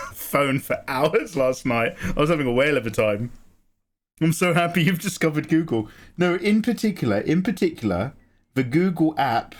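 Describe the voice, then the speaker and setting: A tired man with a chatty, laughing way of talking, answering his live stream chat from a small home studio. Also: mid-range voice.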